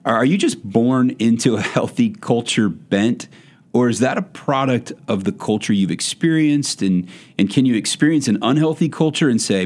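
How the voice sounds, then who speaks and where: A man's voice: medium pitch, animated, normal speed, a little mellow. A man hosting a podcast, asking thoughtful questions in a folksy, conversational way. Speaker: podcast host. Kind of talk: podcast interview.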